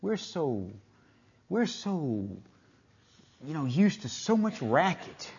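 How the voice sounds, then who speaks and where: An older man preaching a sermon in a folksy way, retelling scripture in plain speech and swinging from booming declarations to near-whispers. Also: very animated, takes it slowly, a little mellow, slightly rough, dull audio.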